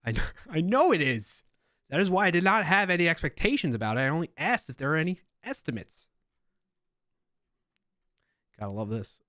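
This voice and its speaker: A man's voice: a little high, big pitch swings, fast, fairly bright tone, dry recording, studio quality. A man with a New York accent hosting a casual live stream, reading viewer comments aloud with playful emphasis and chatting as he goes.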